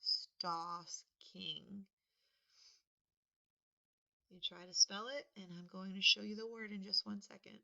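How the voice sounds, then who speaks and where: Slow, bright-voiced woman teaching spelling. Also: mid-range voice, fairly even intonation, vocal fry. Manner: patient, sounds words out and stresses them loudly. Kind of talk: slow, deliberate spelling lesson. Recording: dull lo-fi recording.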